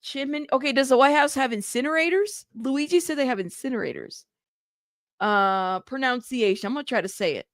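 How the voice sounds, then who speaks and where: A woman's voice: high-pitched, fairly quick, dry recording, studio quality. A woman hosting a casual live news commentary show, chatty and playful, laughing often as she reads out viewer comments. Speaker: host of a news commentary livestream.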